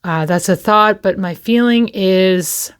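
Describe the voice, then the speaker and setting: Candid, slow-talking woman host. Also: medium pitch, clean tone. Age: adult with children. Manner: candid and slow, pausing often and repeating herself. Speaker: recovery channel host. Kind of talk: reflective personal talk to camera.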